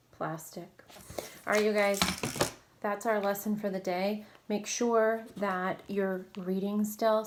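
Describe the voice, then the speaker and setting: A woman teaching a recorded phonics lesson to children, giving clear prompts and praising often. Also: medium pitch. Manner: encouraging, clear teacher prompts to young readers. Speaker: reading teacher.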